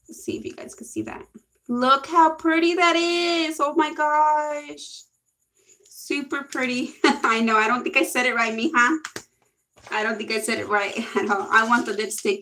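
Young woman, giggly makeup haul vlog, excitable, fairly high voice, faint background hiss. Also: low-quality recording. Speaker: beauty vlogger.

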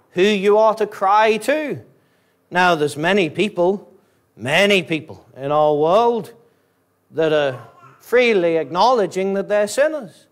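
Northern Irish male pastor, high-pitched, fiery sermon, urgent peaks and hushed drops. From Northern Ireland. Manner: rising to urgent high-pitched emphasis, then dropping low; repetitive, pleading rhetorical questions.

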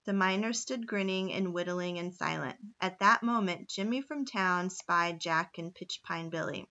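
A woman reading a children's novel aloud in a steady storytelling manner. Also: fairly low pitch, normal speed, few pauses, dull audio. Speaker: reader.

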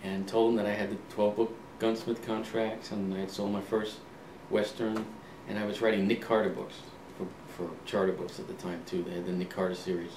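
A man in his sixties, an author being interviewed, telling relaxed anecdotes and acting out old conversations, with frequent ums and restarts. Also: on the low side, brisk, few pauses. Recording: roomy, distant mic, faint ambient hum.

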